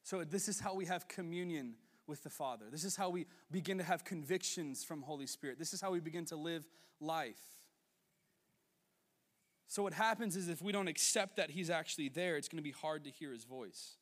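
A man in his twenties preaching a sermon as a youth pastor, telling stories with quick asides and laughs. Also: fairly high pitch, long reverb tail. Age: 20s.

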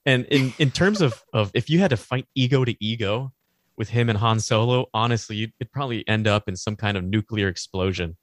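A low-pitched man in casual podcast chat. He rambles and restarts his thoughts often. The sound is dry and close. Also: a little fast, no echo. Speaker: podcast co-host.

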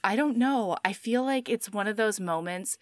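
A woman casually recapping a story as a podcast co-host, animated and full of "like". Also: medium pitch, moderate pace, no room sound. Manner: animated storytelling with frequent "like", acting out quotes. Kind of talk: casual chat, book recap.

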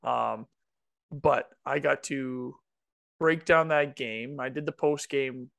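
A man in his thirties with a gravelly, fry-heavy voice, co-hosting a laid-back podcast. He tells his stories with wry animation, and he sounds close and dry with no room around him. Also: medium pitch, takes it slowly, fairly bright tone, no echo. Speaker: podcast co-host. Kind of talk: casual chat.

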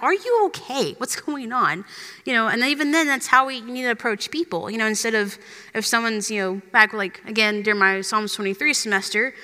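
A woman's voice: on the high side, bright, forceful tone. A young woman giving a chatty, earnest sermon as a youth minister, full of "like" and "you know". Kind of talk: conversational sermon. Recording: long hall reverb.

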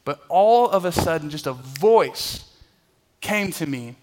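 Animated young man preaching a sermon. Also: on the high side, takes it slowly, slight background noise. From Southern California. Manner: animated storyteller, acts out voices. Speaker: pastor. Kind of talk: sermon with a personal story. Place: church.

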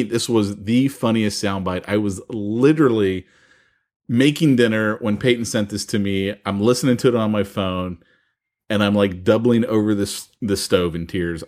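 A man co-hosting a podcast, telling stories in a casual, laughing, animated way. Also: lowish voice, moderate pace. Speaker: podcast co-host. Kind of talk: casual chat.

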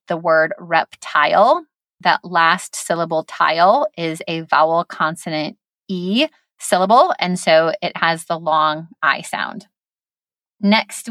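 Woman host of a teaching podcast, clear and explanatory, lower voice, dry booth sound. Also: fairly bright tone, no echo. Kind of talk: instructional podcast talk.

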